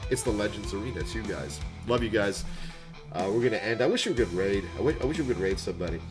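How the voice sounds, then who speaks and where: A man's voice: on the low side, lively intonation, fast talker. A man in his thirties, a streamer, chatting casually to his viewers in a heartfelt, rambling way, repeating words and getting choked up. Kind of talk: casual livestream sign-off chat. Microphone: desk microphone. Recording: guitar music playing behind.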